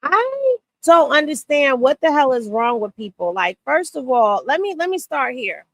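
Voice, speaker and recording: With a high-pitched, sing-song, slightly bright voice at a moderate pace, a woman gives casual reaction commentary, blunt and sassy, addressing her viewers directly. She's in a home room with rain on a tin roof; the sound is clean studio quality with no room sound.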